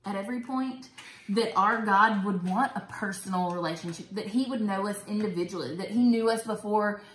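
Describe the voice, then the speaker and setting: A woman's voice: medium pitch, a little fast, a bit bright. A woman hosting a casual Bible study talk, chatty and enthusiastic. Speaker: host. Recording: roomy echo.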